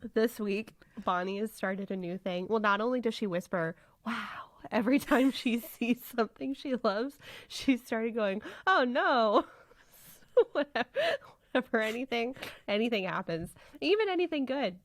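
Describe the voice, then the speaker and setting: A woman's voice: a little high, moderate pace, no echo. A woman co-hosting a podcast in casual chat. She is upbeat and giggles between remarks. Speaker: podcast co-host.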